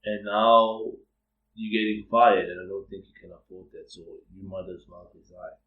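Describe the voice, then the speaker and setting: A man's voice: fairly low pitch, fairly even intonation, moderate pace, narrow, tinny audio, lightly acted. A man quoting a stern, lecturing manager. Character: stern male manager pressing an employee to resign. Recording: roomy echo.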